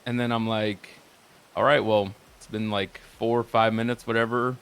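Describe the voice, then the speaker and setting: A man's voice: lowish voice, level tone, normal speed, vocal fry, fairly bright tone, clear, resonant tone. A man casually recounting a roleplay session, rambling and cursing as he quotes the others back and forth. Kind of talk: casual storytelling.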